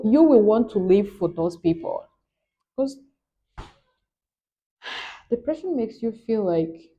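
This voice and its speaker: A woman's voice: on the low side, dull audio. A young Nigerian woman with a Nigerian accent, talking earnestly and emphatically in a personal vlog. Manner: earnest, emphatic, repeats "trust me". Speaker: vlogger. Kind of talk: candid personal vlog talk.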